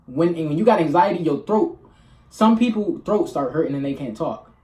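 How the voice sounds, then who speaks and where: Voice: mid-range voice, animated, moderate pace, mellow. A vlogger talking to camera in a loose, rambling, blunt and profane monologue. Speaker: spiritual vlogger. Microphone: camera mic. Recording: echoey room.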